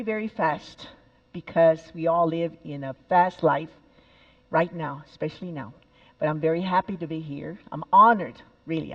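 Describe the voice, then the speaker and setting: A woman's voice: sits low, highs cut off. Older woman telling stories on stage. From El Paso, Texas. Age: 70s. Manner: lively, repeats phrases for emphasis. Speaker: speaker giving a talk. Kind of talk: storytelling talk.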